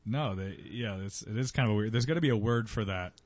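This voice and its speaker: A man's voice: fairly low pitch, fairly quick, no echo. A man in his late twenties co-hosting a casual comedy podcast, making dry, joking asides. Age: late 20s.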